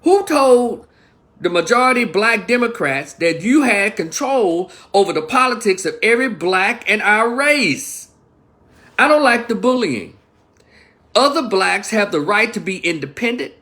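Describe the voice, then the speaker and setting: A man's voice: sits high, sing-song, measured pace, sharp tone. A man from Memphis, ranting heatedly to his livestream viewers and swearing often. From Memphis, Tennessee. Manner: heated, profane, addresses viewers directly. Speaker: livestream commentator. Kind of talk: livestream opinion rant.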